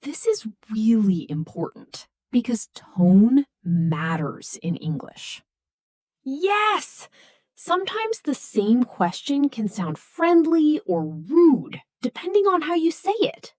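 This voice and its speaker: High, lively woman teaching English slowly. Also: no echo. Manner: slow, clear, model-sentence delivery. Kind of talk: scripted English lesson for beginners.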